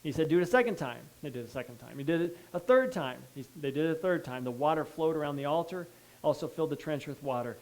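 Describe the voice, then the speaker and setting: A male pastor preaches a sermon, reading scripture and cutting in with asides and check-ins like "okay?", swinging between hushed pleading and loud emphasis. His voice sits a little high and he talks fast, captured on a low-quality recording.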